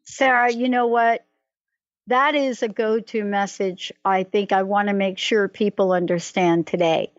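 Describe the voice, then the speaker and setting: Woman talk-show host, lively and rambling, dry muffled radio audio. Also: mid-range voice, unhurried, dry recording. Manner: animated, storytelling, stumbles and restarts. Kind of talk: casual radio interview.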